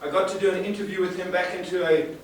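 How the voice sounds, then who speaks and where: A sales trainer speaking emphatically to a live audience, asking rhetorical questions and repeating words for effect. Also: male voice, high-pitched, steady tone, quick pace. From South Africa. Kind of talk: live seminar talk. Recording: echoey room, far from the mic, faint hiss.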